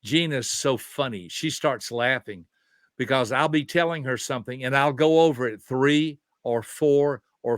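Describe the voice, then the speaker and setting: A man's voice: mid-range voice, a bit bright, no echo, studio quality. A man in his seventies, a behavior specialist explaining ideas in an emphatic, teaching way and asking rhetorical questions. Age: 70s. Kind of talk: conversational teaching.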